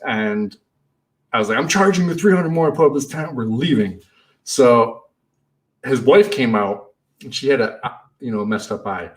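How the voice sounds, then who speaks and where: A man who runs a party rental business, telling stories in a casual, animated way and acting out the shouting in them. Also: medium pitch, moderate pace, distant mic. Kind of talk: casual storytelling.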